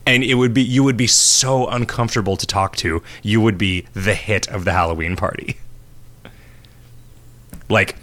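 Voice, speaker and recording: A man with a deep, low voice chats casually on a podcast. He rambles, trails off and laughs often at crude jokes. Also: fairly even intonation, moderate pace, pauses often, a bit bright. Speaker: podcast co-host.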